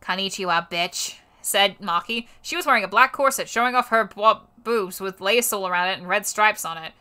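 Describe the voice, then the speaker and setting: A woman's voice: mid-range voice, brisk, sharp tone. A young woman on a livestream reading a fanfiction aloud for laughs, stumbling over words and breaking off into exasperated, cursing asides. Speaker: streamer.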